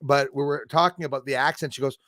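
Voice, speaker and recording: A man's voice: mid-range voice, steady tone, fast talker, fairly bright tone, dry recording, studio quality. A man who is a comedian hosting a live stream, chatting in a jokey, rambling way and laughing at his own lines. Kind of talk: casual live-stream chat.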